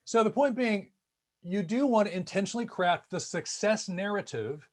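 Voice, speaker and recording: A man with a rather high voice gives an online talk. He tells stories with energy and slips into the voices of the people he quotes. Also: normal speed. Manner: animated storyteller acting out quoted voices. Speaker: speaker. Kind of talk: lecture-style talk.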